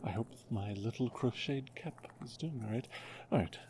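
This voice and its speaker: A man making his first ASMR video, talking in a soft, half-whispered voice that is hushed and self-mocking, and often apologizing. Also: medium pitch, normal speed, heavy background noise. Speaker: ASMR creator.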